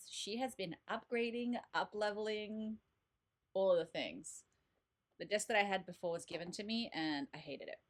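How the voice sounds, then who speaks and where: A woman in her thirties hosting a casual live stream as a card reader, bubbly and chatty, greeting viewers by name from her home desk. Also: lowish voice. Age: 30s. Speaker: livestream host and oracle card reader.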